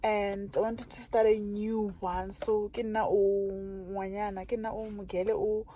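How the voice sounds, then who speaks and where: A woman's voice: medium pitch, level tone, measured pace, mellow, poor audio. A woman chatting in a heartfelt, chatty way to her vlog viewers, calling them guys. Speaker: vlogger. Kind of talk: casual vlog chat.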